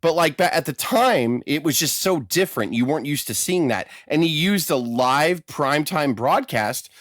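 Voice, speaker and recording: A man's voice: a little high, moderate pace, dry recording. A man co-hosting a podcast in casual chat, with a voice that rises and falls a great deal as he tells his stories. He swears freely, and the dry, close recording carries no room sound. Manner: animated, profane storyteller. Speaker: podcast co-host.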